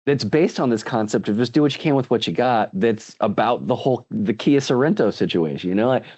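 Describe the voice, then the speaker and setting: A man's voice: medium pitch, lively intonation, a little fast, darkish tone, slightly rough, dull audio. A man speaking as a guest in a casual interview, earnest and full of restarts. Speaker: podcast guest, author.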